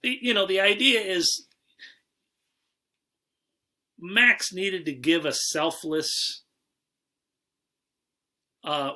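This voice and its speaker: A man co-hosting a casual podcast about movies, rambling with frequent restarts and trailing off quietly. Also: fairly high pitch. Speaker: podcast co-host.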